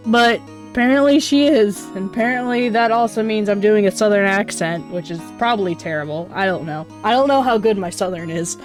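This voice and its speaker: A woman's voice: mid-range voice, a little fast, faint music behind. Rambling, self-deprecating young woman streamer. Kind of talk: casual gaming chat.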